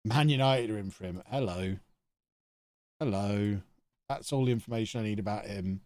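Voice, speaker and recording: A man's voice: lowish voice, fast talker, darkish tone, no echo. A man, talking to himself in chatty commentary while streaming a video game live. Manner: chatty, thinking aloud to himself.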